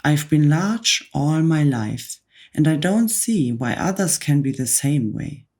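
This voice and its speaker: A woman in a soft whispered role-play voicing a huge, furious female headmistress who barks scornful orders at children. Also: low voice, expressive, takes it slowly, exaggerated voice. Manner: barking, scornful.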